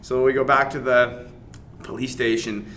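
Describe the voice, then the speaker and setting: A man's voice: medium pitch, moderate pace, a little hiss or hum. A man in a podcast interview, an MMA fighter casually telling a story, swearing and acting out the other people's lines. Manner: animated, swears, acts out dialogue, laughs while telling.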